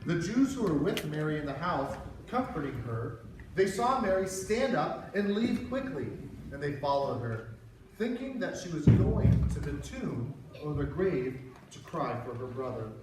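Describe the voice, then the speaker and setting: Animated man retelling a Bible story to kids. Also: fairly high pitch, measured pace. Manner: animated, acts out the voices in the story. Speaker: children's pastor. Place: church hall. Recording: echoey hall, far from the mic, with background noise.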